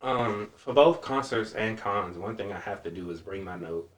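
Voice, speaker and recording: A man chatting as a podcast guest, animated and self-described dramatic, acting out his own reactions as he tells stories. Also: lowish voice, normal speed. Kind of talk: casual chat.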